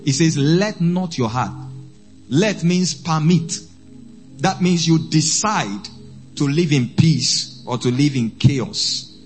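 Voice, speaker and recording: A man, a priest preaching a sermon, who slows down and repeats phrases for emphasis. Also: a little high, faint music behind.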